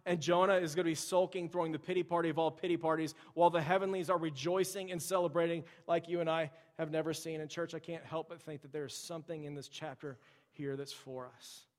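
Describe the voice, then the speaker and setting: A man in his thirties preaching a sermon, talking in a relaxed, storytelling way to his congregation. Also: a little high, quick pace. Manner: conversational, storytelling, addresses the congregation directly. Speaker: pastor. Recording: long reverb of a large hall.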